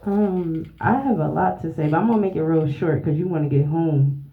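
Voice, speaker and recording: A woman's voice: sits low, a little fast. A woman from the audience giving a heartfelt, rambling tribute, then asking a question, with frequent laughs. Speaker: audience member. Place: event room. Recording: roomy, dull lo-fi sound.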